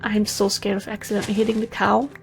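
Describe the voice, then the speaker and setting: A woman's voice: mid-range voice, level tone, quick pace, creaky, faint music behind. A woman casually talking through her game as the host of a let's play, chatting to the animals on screen. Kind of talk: casual gameplay commentary.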